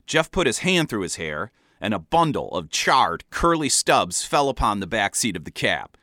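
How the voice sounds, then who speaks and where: Guy reading his own funny stories, wry and deadpan but pitch jumps all over, bright sharp voice, dry close mic. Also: normal speed, few pauses, no room sound. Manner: wry, deadpan storytelling with animated swings. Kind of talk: comic memoir narration.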